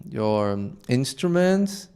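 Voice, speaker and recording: A man teaching an online class, slowly explaining how to chant and singing short demonstration phrases. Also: mid-range voice, very animated, a little mellow, clean tone. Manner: patient, slow instruction with sung demonstrations of a chant. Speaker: music teacher.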